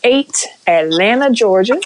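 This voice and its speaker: A man co-hosting a casual podcast over a remote call, relaxed, reading out listener stats and topics. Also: high voice, measured pace, no echo, low-quality recording. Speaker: podcast co-host.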